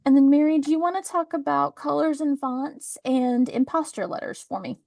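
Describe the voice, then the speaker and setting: A woman's voice: sits high, normal speed, gravelly, dark tone, dry recording. A woman presenting a webinar over a video call, explaining document accessibility in a chatty, practical way with the odd sarcastic aside.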